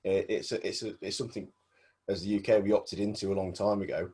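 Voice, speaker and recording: A man's voice: low-pitched, level tone, fast talker, dark tone. A man, a guest explaining wiring rules in a hesitant, explanatory way on a casual podcast. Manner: hesitant, explanatory, many fillers. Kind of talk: casual chat.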